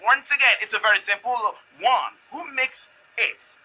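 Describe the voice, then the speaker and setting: A man hosting a talk show, telling a story in a lively way, acting out the voices of the people in it and laughing often. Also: very high-pitched, normal speed, poor audio. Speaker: radio and TV show host.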